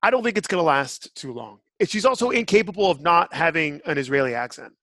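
A man's voice: a little high, animated, quick pace, bright, forceful tone, dry recording, clean studio sound. A man hosting a podcast, giving blunt, opinionated reviews in casual chat. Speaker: podcast host.

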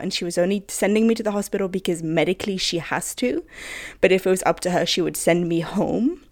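Chatty pregnant woman, lowish voice, dry sound. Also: a little mellow, dry recording. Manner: chatty, self-deprecating, quotes herself in a rush. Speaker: podcast co-host. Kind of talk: casual chat.

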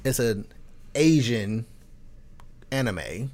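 A man talks as a guest in a loose conversation, his voice sitting at an ordinary middle pitch. He rambles through his points with restarts and laughs often. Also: animated, very slow, darkish tone. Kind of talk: casual discussion.

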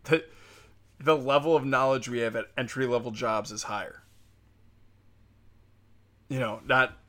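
A man's voice: mid-range voice, fairly even intonation, measured pace, pushed and bright. A man ranting on his own show in a sarcastic, profane, heated way. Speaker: commentator. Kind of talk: casual political rant.

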